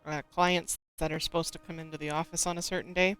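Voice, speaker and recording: A man's voice: a little high, level tone, fast, pushed and bright, clear, resonant tone, faint music behind. A man in casual chat while streaming a co-op game, laughing often, swearing freely and mimicking phone voices. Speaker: co-op gaming streamer.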